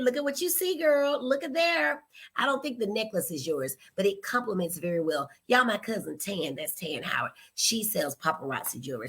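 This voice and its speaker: Chatty woman hosting a live stream, bright crisp voice, joking around and calling everybody y'all. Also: on the low side. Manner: chatty, playful, calls viewers y'all and honey; greets viewers by name, teasing, laughs at herself. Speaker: host, psychiatrist and pediatrician. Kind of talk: live-stream casual chat.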